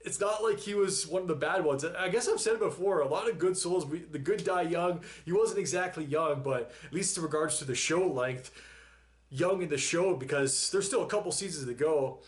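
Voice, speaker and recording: A man's voice: fairly high pitch, normal speed. Emotional man rambling in casual chat. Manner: emotional, rambling, sighs and laughs often. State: emotional after crying. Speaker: reaction video host.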